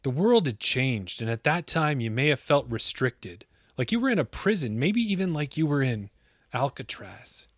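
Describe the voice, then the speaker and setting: A man hosting a podcast, telling a dramatic scripted story with big pauses, then chatting casually with his guest. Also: mid-range voice, sing-song, no room sound, studio quality. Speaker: podcast host.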